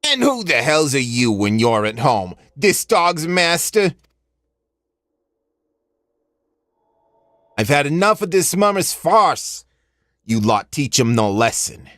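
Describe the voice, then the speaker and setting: A man's voice: fairly high pitch, big pitch swings, measured pace, fairly bright tone, no room sound, clean studio sound. A man voicing a greedy, bullying merchant who barks threats. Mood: scornful.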